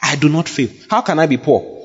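A man preaching a sermon to a congregation, emphatic and repetitive, building up to shouts. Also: a little high, animated, brisk, breathy edge. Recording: dull lo-fi recording with long hall reverb.

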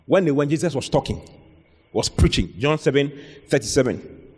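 A man's voice: a little high, expressive, moderate pace, darkish tone, husky. A man preaching a sermon, reading Bible verses aloud and calling out questions to the congregation. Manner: exhorting, calls out to the congregation, reads scripture aloud. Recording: long reverb of a hall.

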